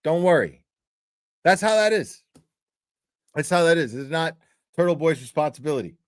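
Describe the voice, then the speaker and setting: A man's voice: a little high, lively intonation, moderate pace, no room sound, clean studio sound. A man hosting a commentary show, delivering a crude, profane rant with emphatic repetition. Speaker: commentary host.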